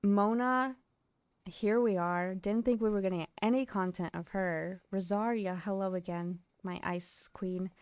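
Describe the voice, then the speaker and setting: A woman's voice: medium pitch, moderate pace, clean tone, dry recording. A young woman streamer chatting casually and giggling as she tells stories while gaming.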